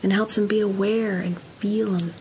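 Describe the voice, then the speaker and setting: A woman's voice: mid-range voice, steady tone, normal speed, a little hiss or hum, low-quality recording. A woman giving parenting advice in an earnest, emphatic way, acting out example conversations. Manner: warm, earnest, emphatic, acts out example dialogues. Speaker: parenting counselor guest.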